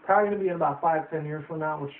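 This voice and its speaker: A man's voice: on the high side, racing, a little hiss or hum. Young man, rambling casual movie review, lots of um and swearing, phone-like sound, far from the mic. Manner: rambling, swearing, many fillers. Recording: tinny phone-like roomy sound from afar.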